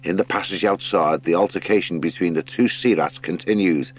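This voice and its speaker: A man reading a children's adventure audiobook as narrator, with expressive storytelling. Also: deep voice, brisk, hardly any pauses. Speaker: audiobook reader. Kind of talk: scripted narration.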